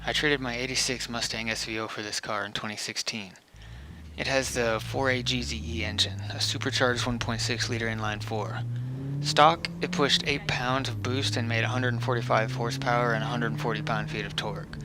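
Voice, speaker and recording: A man narrates in a deliberately flat, monotone delivery, keeping his dry jokes deadpan. His pitch sits in the middle range. A clear, steady hum runs under his voice throughout. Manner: self-described monotone, dry humor. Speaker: car video host. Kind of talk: scripted voice-over narration.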